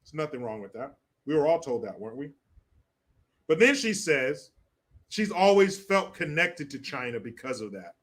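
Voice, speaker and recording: A man's voice: on the high side, sing-song, moderate pace. A man hosting casual commentary, crude and mocking, laughing often. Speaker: streamer host.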